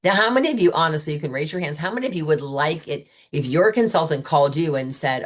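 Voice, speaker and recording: A chatty, enthusiastic woman with a low voice talks sales consultants through a booking idea. She is middle-aged and relaxed, and she slips into quick acted-out customer chats. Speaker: sales trainer for beauty consultants. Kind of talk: casual coaching talk.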